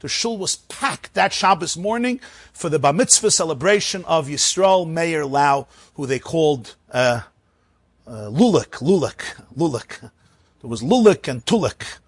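A man telling an animated religious story, acting out the people in it. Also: a little high, unhurried, husky, no echo. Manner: animated, acts out the characters.

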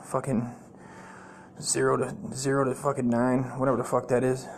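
Male comedy podcast host, profane rambling storyteller, mid-pitched, faint hiss behind. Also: monotone, moderate pace. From United States.

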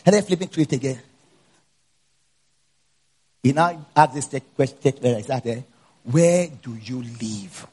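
A man with a Nigerian accent, a pastor mixing a personal story into his sermon, dropping low for asides and rising loud to preach. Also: normal speed, long pauses, breathy edge.

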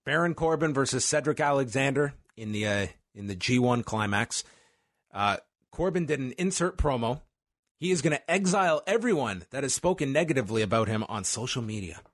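Male podcast co-host, animated play-by-play recapper, dry booth sound. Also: mid-range voice, a little fast, no echo. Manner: play-by-play recapping with laughs and asides. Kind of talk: casual recap chat.

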